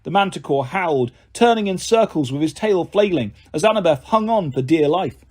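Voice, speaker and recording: A man narrating a first-person audiobook with an expressive, dramatic delivery. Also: a little high, moderate pace.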